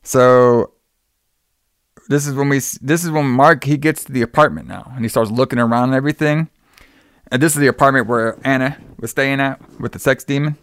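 A man's voice: medium pitch, steady tone, fairly quick, fairly bright tone, smooth, no echo, studio quality. Casual man rambling through a plot recap. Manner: loose, filler-heavy retelling with quoted lines.

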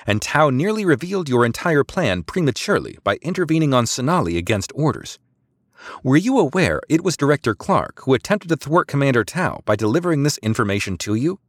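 Brief: male narrator doing an ambitious female officer, crisp, formal, quietly sure of herself, lively delivery, dry close sound. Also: medium pitch, dry recording, pitched above the performer's own voice. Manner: formal, precise, coolly confident. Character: poised, ambitious female naval lieutenant.

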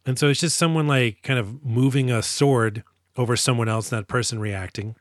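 A man co-hosting a casual movie-review podcast, animated and profane, acting out characters as he recaps scenes. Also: medium pitch, a little fast, no room sound, studio quality. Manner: animated, swearing, acts out characters in quotes. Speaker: podcast co-host.

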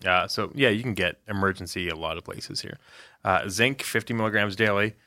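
A man's voice: low-pitched, brisk, bright, forceful tone, dry recording, studio quality. A man co-hosting a casual podcast, joking around and reading listener messages aloud with wry asides. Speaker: co-host answering player questions. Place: Canada.

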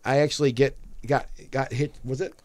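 A man's voice: medium pitch, steady tone, normal speed, darkish tone, no echo. Rambling man chatting about movies. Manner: rambling, restarts and jokey grumbling. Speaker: podcast co-host. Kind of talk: casual movie chat.

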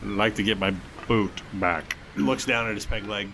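A man's voice: fairly low pitch, normal speed, pushed and bright, slight background noise. A man narrating a tabletop game as game master in a dry, matter-of-fact way.

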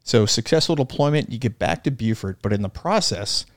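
A man's voice: mid-range voice, expressive, a little fast, dry recording, studio quality. A man hosting a casual interview, chatting easily and steering the conversation. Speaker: podcast host.

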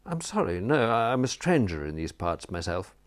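A suave, dryly amused old lord who coaxes a story out of his companion, as a man reads him aloud. His voice rides higher and lighter than the narrator's in a storybook reading. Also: very animated, normal speed. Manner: polite, dryly amused, coaxing. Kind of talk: audiobook character voice.

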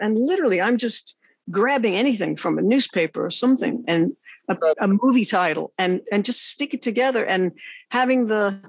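A woman hosting an interview, a songwriter and teacher, telling animated, rambling stories in casual chat. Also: medium pitch, vocal fry, breathy edge, no echo.

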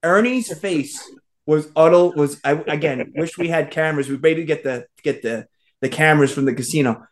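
A man with a slightly raised pitch tells a story in a relaxed chat. He is animated, acts out what people said and laughs often. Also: moderate pace. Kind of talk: casual storytelling.

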